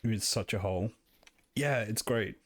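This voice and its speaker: A man's voice: fairly low pitch, measured pace, fairly bright tone, no echo. A man streaming a game live, muttering to himself casually, swearing and laughing often.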